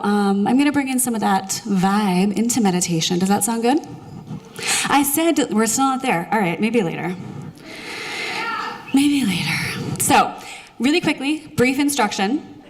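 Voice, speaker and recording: A woman meditation teacher speaks at a live show, mixing playful asides with calm guidance. Her voice sits at a middle pitch. It carries a long hall reverb from the venue. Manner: playful and joking, then slow and soothing. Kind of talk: guided meditation with live audience banter.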